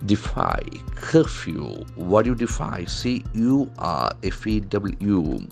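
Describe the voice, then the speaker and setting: A man with a gravelly, darkish, low-leaning voice sounds very animated yet takes it slowly, with faint music behind him. As an English trainer, he teaches newspaper vocabulary by spelling words letter by letter and carefully explaining their pronunciation and meanings.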